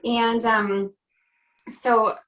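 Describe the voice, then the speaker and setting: A woman's voice: on the high side, little pitch movement, drawn-out words, a bit bright, poor audio. Earnest woman telling her story. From Canada. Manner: earnest, heartfelt retelling with frequent "you know" and "um". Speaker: guest, country singer. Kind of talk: personal storytelling in an interview.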